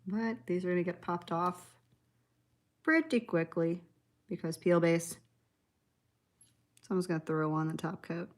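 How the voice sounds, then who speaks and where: A woman's voice: on the low side, unhurried, long pauses. A woman hosting a live nail art tutorial, chatting casually, answering viewer comments and laughing easily. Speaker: nail art livestream host.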